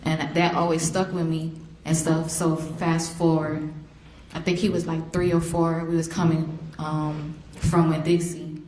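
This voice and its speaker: A woman's voice: low-pitched, level tone, a little slow, a little mellow. A middle-aged woman, a victim's mother, giving an emotional courtroom impact statement through vivid storytelling. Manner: emotional, vivid storytelling that slips into acted quotes. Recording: echoey courtroom, faint noise.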